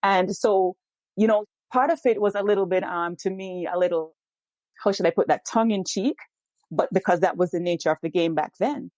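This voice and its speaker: A middle-aged woman from Jamaica with a Jamaican accent, a guest who speaks in a measured, explanatory way. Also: lowish voice, a little mellow, dry recording. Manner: measured, explanatory, light laughter in anecdotes. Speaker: education scholar guest. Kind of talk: explanatory interview answers.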